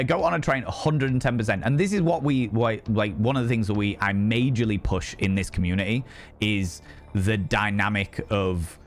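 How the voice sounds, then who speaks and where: Candid, swearing streamer man. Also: mid-range voice. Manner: candid, profane, rambling with animated outbursts. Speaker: live streamer. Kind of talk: casual live-stream chat.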